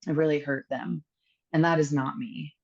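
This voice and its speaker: Low-pitched woman guest sharing her story, earnest, lots of ums and pauses, kinda dull lo-fi sound. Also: steady tone, darkish tone, slightly rough. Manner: earnest, reflective, with many pauses and fillers. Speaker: podcast guest. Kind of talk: candid personal storytelling.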